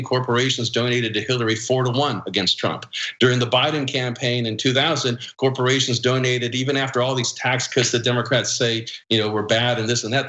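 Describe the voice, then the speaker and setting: A man from Los Angeles makes his case in a political debate, steady and measured, leaning on fillers and restarts. His voice is bright and forceful. The recording has a roomy echo. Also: medium pitch. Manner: measured, leans on "you know" and restarts. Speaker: political strategist guest. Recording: echoey room.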